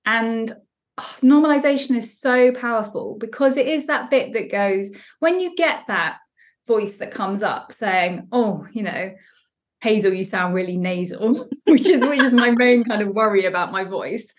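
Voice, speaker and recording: Thoughtful woman with a fairly high voice. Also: expressive, normal speed. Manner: reflective, thoughtful, asks questions at length. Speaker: podcast co-host. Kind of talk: casual chat.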